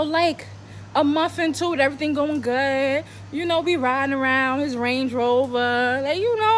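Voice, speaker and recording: A high-pitched woman tells her own story to camera in a casual vlog. She swears freely, asks herself dramatic questions and answers them, and keeps the telling lively. A faint hum of background noise sits under her voice. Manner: animated, profane, dramatic rhetorical questions. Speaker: vlogger telling a personal story.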